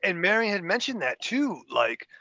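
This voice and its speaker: Male co-host, gravelly, casual swearing, muffled lo-fi sound. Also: high-pitched, sing-song, moderate pace, pushed and bright, no room sound. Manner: loose, profane, offhand. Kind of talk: casual film discussion. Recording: lo-fi muffled mic.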